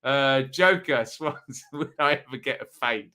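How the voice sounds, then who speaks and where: Male host, bright-toned, casual live-chat delivery, reads comments aloud. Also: mid-range voice. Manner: chatty, reads out viewer comments, quick asides. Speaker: football predictions show host. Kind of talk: live-stream chat with viewers.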